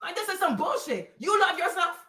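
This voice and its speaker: A woman's voice: very high-pitched, big pitch swings, a little fast, pushed and bright. A woman streaming live, talking bluntly and profanely straight at her commenters. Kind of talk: ranting to chat. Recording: roomy, from a distance.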